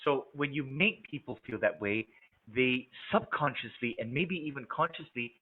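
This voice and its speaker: A man runs a sales lesson in a lively, coaching manner, switching his tone to show each technique. His voice sits in a middling register. It comes through thin and boxy, like a phone call. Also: mid-range voice, moderate pace. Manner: energetic, coaching, demonstrates voice tones. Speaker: sales trainer. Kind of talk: instructional talk. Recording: narrow phone-like sound.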